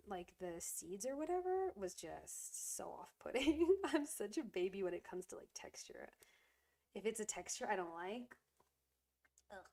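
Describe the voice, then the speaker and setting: Woman host, casual home craft stream, giggly and apologetic chatter, sniffly nose, mid pitch. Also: a little mellow. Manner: high coaxing voice when soothing her cat. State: stuffy runny nose. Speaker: resin jewelry streamer. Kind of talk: casual live-stream chat.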